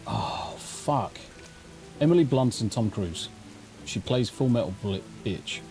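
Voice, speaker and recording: Soft music plays behind a middle-aged Englishman whose medium-pitched, darkish voice is expressive and slow. He game-streams live through a studio mic and mixing console, chatting in a wandering, sweary way with plenty of self-deprecating jokes in his English accent.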